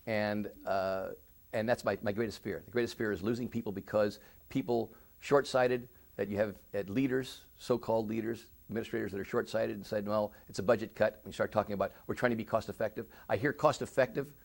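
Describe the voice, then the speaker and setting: A middle-aged man giving an oral history interview, speaking earnestly with many halting restarts. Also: on the low side, fairly even intonation, creaky. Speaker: interviewee, victim services director.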